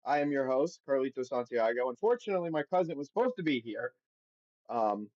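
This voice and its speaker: A man's voice: medium pitch, darkish tone, no room sound, muffled recording. A man hosting a podcast on his own, reading results aloud and then giving blunt, profane opinions in a casual recap. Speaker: podcast host.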